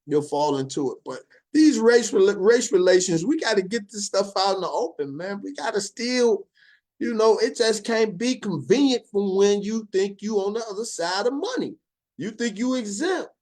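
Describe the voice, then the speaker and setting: Man, middle-aged, podcast host, emphatic rant, higher voice. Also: normal speed. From Chicago. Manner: animated, emphatic, drawling storytelling with laughs. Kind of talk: opinionated monologue.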